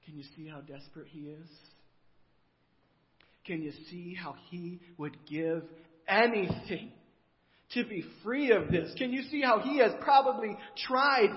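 High-voiced male preacher telling a story. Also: unhurried. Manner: animated retelling, asking the listeners questions. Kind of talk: storytelling sermon. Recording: dull, reverberant hall recording.

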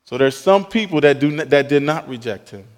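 Guy preaching a sermon, kinda high voice, big echoey church hall, gets loud then goes real quiet. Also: expressive, fairly quick. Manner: emphatic preaching, dropping to soft asides. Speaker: pastor.

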